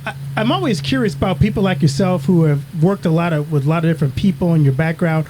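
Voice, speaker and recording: A man's voice: a little high, quick pace, noisy background. A man hosting a podcast, introducing his guest and asking questions in an upbeat way. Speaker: podcast host. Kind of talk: podcast interview.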